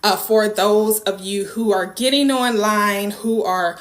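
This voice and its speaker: A woman who runs a small business, chatting casually in an unboxing vlog and gushing over each piece, often dropping to a soft whisper. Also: mid-range voice, steady tone, takes it slowly. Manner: gushing, repeats herself, drops into soft whispers. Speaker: small business owner and vlogger. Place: room at home. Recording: echoey room with faint noise.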